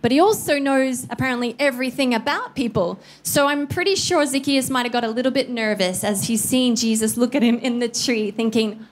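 A woman's voice: fairly high pitch, brisk, few pauses. A woman in her thirties of Filipino background preaching a sermon as a pastor, telling stories and playfully acting out voices. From Philippines. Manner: animated, acts out voices playfully. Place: church studio.

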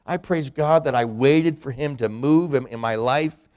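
A man's voice: mid-range voice, measured pace, darkish tone, clean tone. A man preaching a sermon in a church, a pastor and hospital chaplain who acts out the voices of people in scripture.

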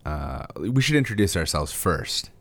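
A man hosting a podcast, chatting casually with a deadpan, sarcastic sense of humor. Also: low voice, a little slow, dry recording. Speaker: podcast host.

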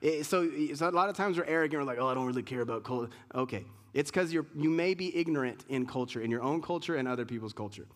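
A man's voice: on the high side, quick pace, few pauses. A man preaching a sermon in a loose, conversational way, often restarting and acting out what people say. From United States. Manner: conversational preaching with many restarts and acted-out quotes. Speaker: pastor.

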